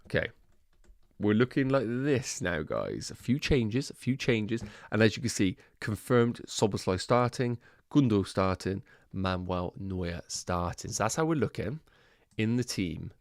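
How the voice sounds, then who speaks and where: Low-voiced man chatting on a livestream. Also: animated, a little slow, gravelly, no echo, studio quality. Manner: chatty, thinks aloud, addresses viewers as guys. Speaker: fantasy football livestream host. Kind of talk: casual livestream chat.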